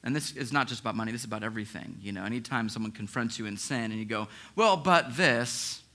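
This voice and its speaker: A man preaching a sermon as pastor, in a lively, conversational way with frequent restarts. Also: lowish voice, rapid-fire. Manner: acts out listeners' inner objections.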